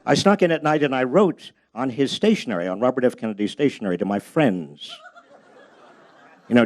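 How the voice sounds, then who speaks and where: Lively older man telling stories. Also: mid-range voice, a little fast, dry recording. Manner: storytelling, self-deprecating, acts out dialogue. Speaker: author giving a book talk. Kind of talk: humorous anecdotal lecture. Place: public library event space.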